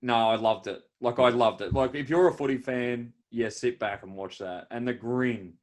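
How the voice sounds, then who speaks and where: A young Australian man with a mid-range voice chats as a podcast co-host. He ribs his mate with dry, teasing remarks in a relaxed way. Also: mid-range voice, normal speed. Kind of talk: casual chat.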